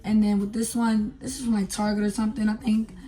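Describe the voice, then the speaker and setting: During her makeup tutorial, a young beauty vlogger talks casually to the audience, often using fillers. Her voice is mellow and medium-pitched, with a level tone and a quick pace.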